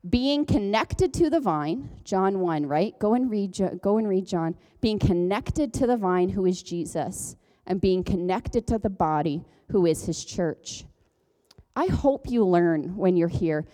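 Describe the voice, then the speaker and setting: Taking it slowly, an expressive Canadian woman from Ontario with a dark, mid-range voice preaches conversationally, often laughing and cracking jokes at her own expense.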